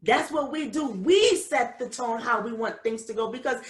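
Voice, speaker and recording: A woman's voice: on the high side, expressive, normal speed. A woman, hosting a casual advice podcast and talking straight to parents in an emphatic, preachy way. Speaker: podcast host. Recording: roomy echo.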